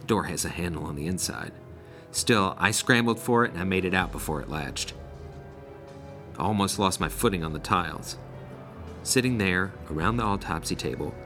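A man narrating a first-person horror story in a blunt, wry, profane way. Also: low voice. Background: faint music.

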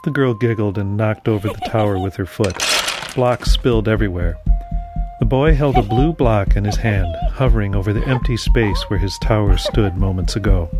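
A man reading a dark fiction story aloud in a measured, scripted narration. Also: fairly low pitch, loud music behind the voice.

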